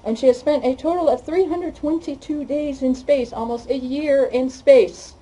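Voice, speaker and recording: Halting woman introducing a guest speaker. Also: sits high, dark tone, poor audio. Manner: halting, with frequent fillers. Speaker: event host introducing a guest. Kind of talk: formal introduction.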